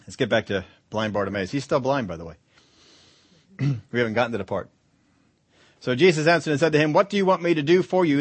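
A man preaching a sermon, emphatic, rising to loud stresses and dropping soft at the ends of phrases. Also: on the high side, a little fast, long pauses, dry recording. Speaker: pastor.

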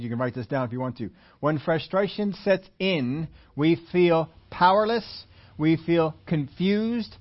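Man preaching on dull lo-fi audio. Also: mid-range voice. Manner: slows and stresses key phrases, repeats points for note-taking; chuckles at his own jokes. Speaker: pastor. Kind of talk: sermon.

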